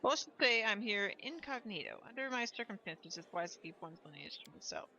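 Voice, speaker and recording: A woman voicing a polite, scheming young nobleman who speaks smoothly and with self-assurance. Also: mid-range voice, lively intonation, a little fast, sharp tone, highs cut off.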